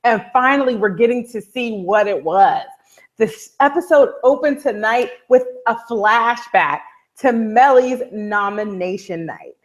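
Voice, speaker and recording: Female co-host, high voice, animated, live recap chat. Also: measured pace. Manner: animated storyteller, repeats a catchphrase. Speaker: podcast co-host.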